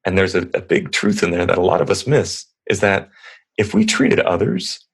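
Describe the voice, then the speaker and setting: A man's voice: low-pitched, moderate pace, vocal fry, husky. A man in his thirties, a podcast guest, telling stories in a rambling, earnest, casual way. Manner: rambling, earnest, lots of restarts. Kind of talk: casual conversational storytelling.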